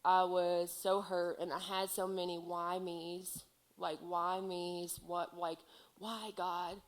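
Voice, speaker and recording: A woman's voice: lowish voice, level tone, takes it slowly. A woman sharing a heartfelt personal testimony in church, speaking earnestly and filling her sentences with "like" and "um.". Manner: earnest, heartfelt, filler-heavy with many "like"s.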